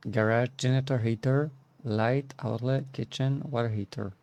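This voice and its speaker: A man's voice: medium pitch, steady tone, normal speed, darkish tone. A man streaming a video game live, muttering to himself and poking fun at his own mistakes. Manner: muttering, self-deprecating. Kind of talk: live gameplay commentary.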